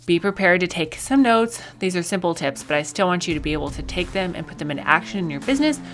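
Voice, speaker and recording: A young woman hosts her podcast solo in a relaxed, chatty way, keeping things upbeat and conversational. Her voice sits on the low side for a woman, with soft music playing faintly behind her. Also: quick pace. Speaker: podcast host. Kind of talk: casual solo podcast talk.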